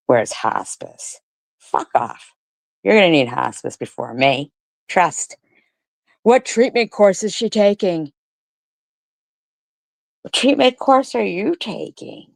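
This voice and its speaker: A woman's voice: mid-range voice, lively intonation, unhurried, vocal fry, pauses often, dry recording. A woman doing profane, mocking commentary, firing back sarcastic rhetorical questions at her critics. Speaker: commentary streamer. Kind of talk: ranting commentary on comments read aloud.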